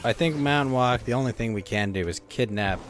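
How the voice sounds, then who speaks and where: A man's voice: mid-range voice, fairly quick, noisy background. A man streaming late at night, joking playfully and slipping into theatrical bits. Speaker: vtuber streamer. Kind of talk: casual chat.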